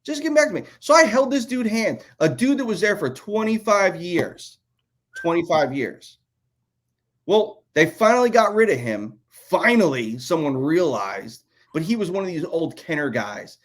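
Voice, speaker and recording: Brief: lively, swooping male podcast co-host, a little high-pitched, profane and ranting. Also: measured pace. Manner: animated, profane ranting storyteller. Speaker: podcast co-host, former toy designer. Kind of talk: casual podcast chat.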